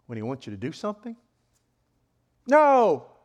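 Animated preacher man, lively pitch. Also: moderate pace. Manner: animated, acts out quoted voices with sudden loud high outbursts. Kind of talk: sermon.

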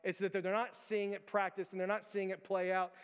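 High-voiced pastor preaching in a reverberant hall. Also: male voice, little pitch movement, a little fast, smooth. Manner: earnest, repetitive rhetorical questions. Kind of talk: sermon.

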